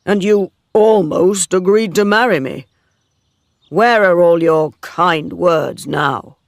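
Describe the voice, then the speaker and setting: Guy reading as a jealous heartbroken farmer, gravelly and slow, dry close sound. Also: high voice, dry recording, heavily acted. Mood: hurt. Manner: forceful, anguished. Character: wounded older male farmer, jealous and intense. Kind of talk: dramatic story reading.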